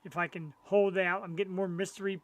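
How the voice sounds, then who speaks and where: A man's voice: high-pitched, level tone, a little fast. A middle-aged man chats on a live web show as co-host. He talks about his collectible finds in a loose, enthusiastic, conversational way. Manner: chatty, enthusiastic collector talk. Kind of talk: casual live-show chat.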